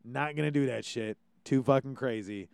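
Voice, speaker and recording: A man's voice: mid-range voice, moderate pace, creaky, a little mellow, clear, resonant tone, no room sound, clean studio sound. A man from Hawaii hosting a podcast, ranting casually and swearing freely as he acts out quotes. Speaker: podcast host. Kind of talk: casual opinion chat.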